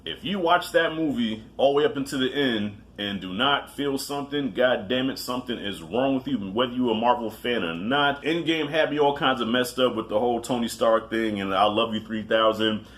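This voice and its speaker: A man's voice: mid-range voice, a little fast, hardly any pauses, fairly bright tone. A man giving a casual movie countdown, talking loosely with profanity, self-mocking asides and frequent restarts. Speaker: movie reviewer.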